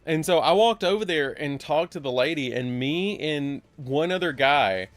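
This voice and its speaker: A man's voice: on the high side, expressive, moderate pace, dry recording, soft background music. A man hosting a live game stream, telling a story casually and acting out both sides of the argument. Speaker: livestream host.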